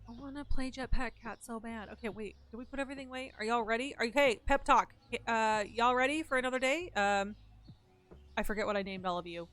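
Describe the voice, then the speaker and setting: A woman's voice: on the high side, fairly bright tone. A sick woman streamer with a nasal, congested voice, chatting casually and rambling with viewers while playing a game, swearing now and then.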